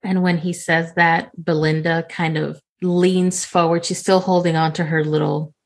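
A woman's voice: fairly low pitch, flat delivery, moderate pace. A woman player in a tabletop role-play game, casually describing her character's actions.

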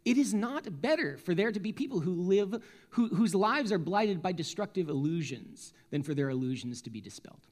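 Young man, preacher, sermon, from Connecticut, high voice, very lively pitch, self-mocking, restarts a lot. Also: moderate pace. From Connecticut, US East Coast. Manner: animated, self-mocking, with many restarts and laughs.

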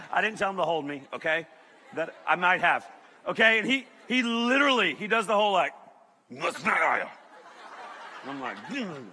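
A man's voice: sits high, big-room sound. A man preaching, telling a funny story and often checking in with "okay?". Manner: animated, keeps checking in with "okay?". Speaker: pastor. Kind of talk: comedic sermon storytelling.

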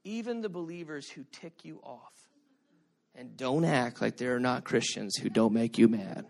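A middle-aged male pastor preaching a sermon, telling stories with animated energy and shouting at the high points. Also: normal speed, gravelly. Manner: animated storytelling, shouting at peaks.

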